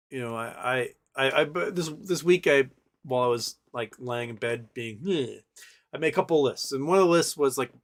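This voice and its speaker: Man in his 40s, livestream host, rambling storyteller, middle pitch, casual chat. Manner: rambling storyteller, many fillers and restarts.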